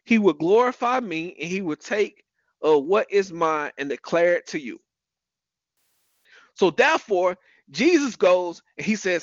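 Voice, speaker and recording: A man preaching a lively sermon as pastor, reading scripture and calling out people in the room by name. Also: high voice, a little slow, no echo, lo-fi sound.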